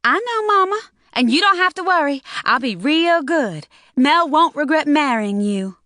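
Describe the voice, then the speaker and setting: A woman voicing a sly, sweet-talking young daughter in an audiobook, pitched high and eager. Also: lively intonation, normal speed, no room sound, clean studio sound. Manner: raised high and bright, eager.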